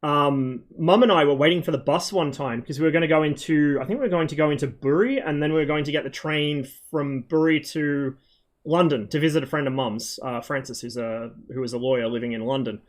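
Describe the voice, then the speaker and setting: A man's voice: fairly high pitch, fairly quick. A man in his thirties from Australia, chatting loosely with viewers on a game stream, rambling and swearing a lot. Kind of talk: casual chat on a game stream.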